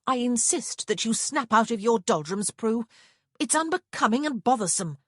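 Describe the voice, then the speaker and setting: A woman's voice: fairly high pitch, lively intonation, moderate pace, no room sound, clean studio sound, voice pushed up. A woman voicing Honor, a bossy elder sister. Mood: stern. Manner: stern, commanding, emphatic.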